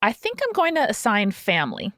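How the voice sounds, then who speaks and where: Lively woman weighing game choices. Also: medium pitch, dry recording, studio quality. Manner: deliberate, talks through options. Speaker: podcast player. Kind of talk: casual tabletop game chat.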